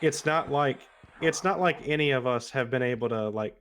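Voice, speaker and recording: A man livestreaming an online game, chatting casually with a friend, relaxed and chuckling as he muses over how words are pronounced. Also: mid-range voice, normal speed. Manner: laid-back, chuckling, muses on word pronunciation. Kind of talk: casual chat while gaming.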